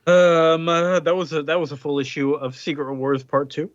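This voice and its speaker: A man's voice: on the high side, flat delivery, moderate pace, no echo, lo-fi sound. A man co-hosting a casual podcast, animatedly recapping a comic book story and switching voices for the characters. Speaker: podcast co-host.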